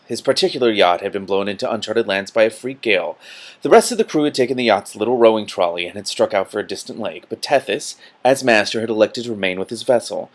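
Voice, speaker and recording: A man reading a fantasy novel aloud with commentary, stumbling a little and breaking in with quick asides. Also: medium pitch. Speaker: book reader.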